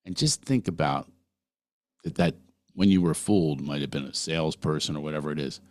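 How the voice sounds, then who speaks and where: Deep-voiced man in earnest monologue. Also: brisk, darkish tone, no room sound. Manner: earnest, asks the listener questions directly. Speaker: podcast host. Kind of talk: personal monologue.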